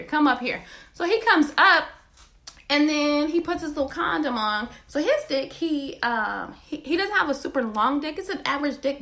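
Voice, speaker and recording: Woman, podcast host, crude candid storytelling, high voice, bright tone. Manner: crude, profane, blunt, animated.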